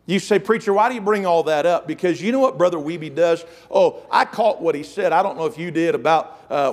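Fervent preacher man. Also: on the high side. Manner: fervent preaching, storytelling, frequent "amen" and "listen". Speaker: pastor. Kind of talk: sermon.

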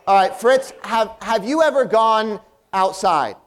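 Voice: medium pitch, unhurried. A performer playing the earnest straight man in a comedy routine, patiently explaining things with stammering restarts.

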